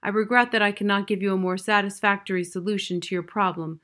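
A woman reading the lines of a wise, formal male owl in a grave, measured manner. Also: mid-range voice, fairly even intonation, fairly bright tone, natural voice. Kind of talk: audiobook reading.

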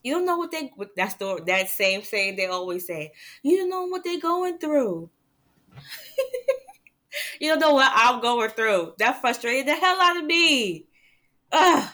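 A woman hosting her own podcast, venting to listeners in a casual, animated way and laughing often. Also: on the high side, measured pace. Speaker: podcast host.

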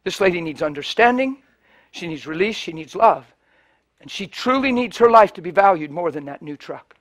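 A male preacher telling a story in a sermon, swinging between loud preaching and hushed, near-whispered storytelling, and acting out the people he quotes. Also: high-pitched, lively intonation, moderate pace. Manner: acts out the people in his stories in quoted voices.

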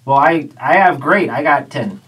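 Male player, somewhat high voice, hesitant, far from the mic. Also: animated, normal speed, noisy background. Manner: hesitant, repeats himself while asking rules. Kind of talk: casual tabletop play. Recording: distant mic.

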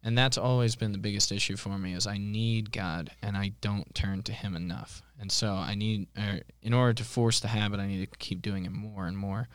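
A young man co-hosting a faith podcast, talking in an earnest, reflective way with frequent pauses and restarts. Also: fairly low pitch, fairly even intonation, clear, resonant tone, no echo. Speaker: podcast co-host. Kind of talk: casual chat.

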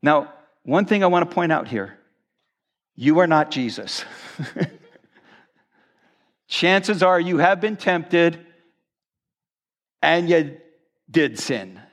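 A man's voice: a little high, animated, slow, pauses often, fairly bright tone. A male pastor preaching a sermon at a church service, conversational and earnest.

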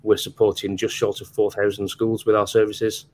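A man's voice: lowish voice, level tone, normal speed, a little mellow, slight background noise. A man, a guest, explaining his work over a video call in a hesitant way with many ums. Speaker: guest company representative.

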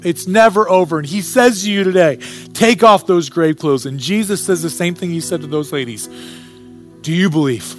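High-voiced man preaching with energy. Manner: animated preaching, sports metaphors. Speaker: pastor. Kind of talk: sermon.

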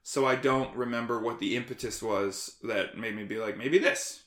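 A man talking as a guest in a casual conversation, animated, sarcastic and freely profane. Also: on the low side, normal speed. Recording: roomy echo.

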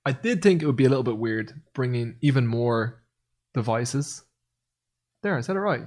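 Husky-voiced man chatting animatedly. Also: mid-range voice, fast talker. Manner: animated, rambling, swears freely. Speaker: podcast co-host. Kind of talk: casual chat.

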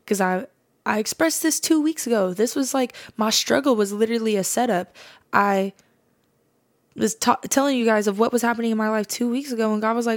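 With a higher-pitched voice and a brisk pace, a female podcast host recounts her personal faith journey. Her delivery is relaxed and earnest, peppered often with "like."

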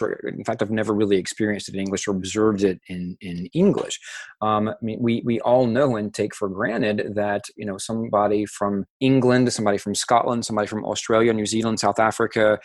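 Low-voiced thoughtful man from Louisiana. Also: no room sound. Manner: thoughtful, with frequent restarts and ums. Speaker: interview guest, French-language advocate. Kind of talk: reflective interview answers.

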